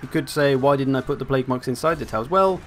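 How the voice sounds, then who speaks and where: Young male host, casual game commentary, wry asides, middle pitch. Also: fast, fairly bright tone, slight background noise. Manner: chatty, wry, thinking aloud. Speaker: gaming channel host.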